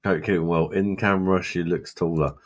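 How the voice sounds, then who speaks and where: A man hosts a casual live stream, reading chat and talking to viewers bluntly, swearing and laughing a lot. His low-pitched voice stays fairly even in intonation, and he speaks a little fast.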